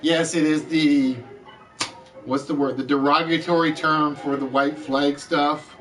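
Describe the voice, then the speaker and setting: A high-voiced man hosts a chat-based game show, drawing out his announcements with showy flair. He sounds a bit distant from the microphone, and faint music plays underneath. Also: level tone, a little slow, a bit bright. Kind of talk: live-streamed chat game show hosting.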